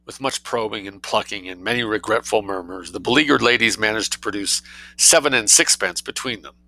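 A man narrating a story aloud in a wry, lively reading voice, adding his own commentary. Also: fairly low pitch, a little fast, creaky, dry recording, rough recording. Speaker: reader and commentator.

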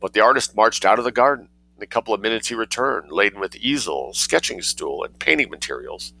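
A man narrating a story in a measured, wry reading. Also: fairly low pitch, expressive, vocal fry, bright, forceful tone, poor audio.

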